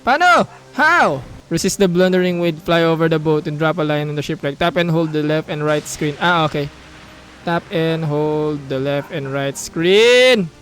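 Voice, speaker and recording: A man's voice: fairly high pitch, moderate pace, faint music behind. A young man with a Filipino accent playing a mobile game, reading its story text aloud and cheering. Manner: excitable, reads on-screen story text aloud, mixes in Tagalog asides. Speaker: gaming YouTuber.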